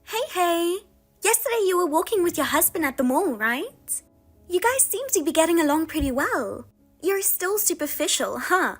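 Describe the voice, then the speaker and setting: A woman putting on a gloating, high spiteful sister. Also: very animated, moderate pace, soft background music, exaggerated voice. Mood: teasing. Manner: taunting, gloating. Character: smug spiteful younger sister, husband thief. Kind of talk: audio drama reading.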